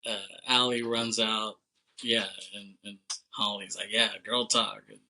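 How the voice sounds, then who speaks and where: A man's voice: on the low side, little pitch movement, a little slow, pushed and bright, low-quality recording. A young man co-hosting a podcast, casually recapping a movie plot with loose, profane talk and acted-out lines. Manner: loose and profane, acts out characters' lines with laughs. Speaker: podcast co-host.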